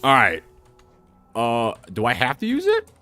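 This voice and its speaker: Animated man streaming a game. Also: medium pitch, measured pace, soft background music. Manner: animated, laughing and chatting with viewers. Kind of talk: live gameplay commentary.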